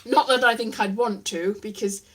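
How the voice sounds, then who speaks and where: A woman's voice: a little high, fairly even intonation, moderate pace, fairly bright tone. A young woman vlogging casually to live viewers, rambling and self-mocking, now and then slipping into silly voices.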